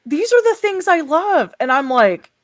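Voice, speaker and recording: Female co-host, animated intonation, expressive casual chat, dry close recording. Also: high voice, a little slow, no room sound. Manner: expressive, laughs often, lots of fillers. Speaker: podcast co-host.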